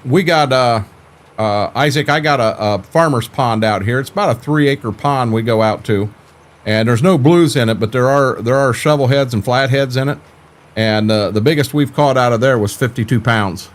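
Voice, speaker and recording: A man's voice: mid-range voice, moderate pace. An older man chatting casually on a live stream about farming games, laid-back and folksy, often stumbling and repeating words.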